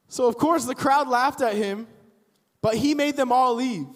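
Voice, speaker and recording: A young man giving a casual, animated youth sermon as a youth pastor, acting out the people in the story as he goes. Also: extremely high pitch, a little slow. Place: church auditorium. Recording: long hall reverb.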